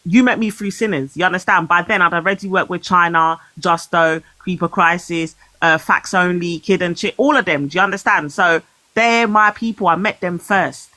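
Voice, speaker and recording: A co-host talking casually and insistently, asking for agreement again and again. The voice is bright and sharp and close to the mic, with a dry sound. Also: mid-range voice, normal speed, no echo. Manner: emphatic, repeats for agreement. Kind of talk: casual chat.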